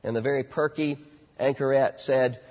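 A man in his thirties preaching a sermon, emphatic and slowing down on key words, dropping to a quieter storytelling tone for anecdotes. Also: mid-range voice, steady tone. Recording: dull lo-fi sound with long hall reverb.

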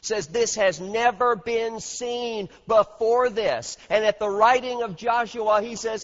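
Male pastor, emphatic slow sermon delivery, dull recording with long hall reverb. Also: sits high. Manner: dramatic, emphatic, swells in volume on key points. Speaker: preacher. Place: large church hall.

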